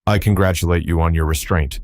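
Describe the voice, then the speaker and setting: A man's voice: low-pitched, steady tone, a little fast, darkish tone, natural voice. A man voicing a sneering, menacing foreign spy villain in an audiobook. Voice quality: silky, menacing.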